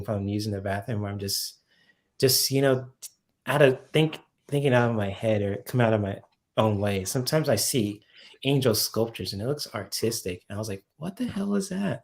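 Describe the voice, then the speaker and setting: A man in a casual group conversation, excitably retelling what he saw and quoting himself in a raised voice. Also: mid-range voice. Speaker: participant.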